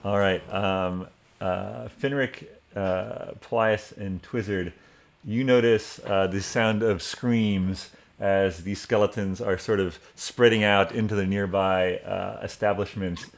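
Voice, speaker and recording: A man narrating a tabletop game as game master, in a relaxed, halting way with many fillers. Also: lowish voice, gravelly.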